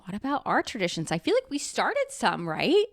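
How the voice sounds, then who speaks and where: A young woman from the Northeast US, co-hosting a podcast in casual chat, chatty and quick to laugh. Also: mid-range voice, no echo, clean studio sound. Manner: chatty, giggly, animated storyteller. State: pregnant. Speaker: podcast co-host.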